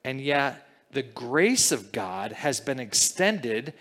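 Male pastor, unhurried sermon delivery, conversational teaching style, reverberant hall sound. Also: mid-range voice, big pitch swings, fairly bright tone. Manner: conversational teaching, frequent "okay?" and "all right?" check-ins.

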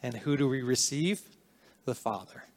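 A man preaching a sermon, earnest and emphatic in places, quieter and reflective in others. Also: medium pitch, lively intonation, normal speed. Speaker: pastor.

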